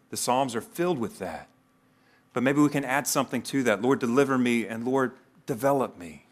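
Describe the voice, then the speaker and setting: A middle-aged male pastor giving a sermon in an earnest, conversational way, slipping into spoken prayers. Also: mid-range voice.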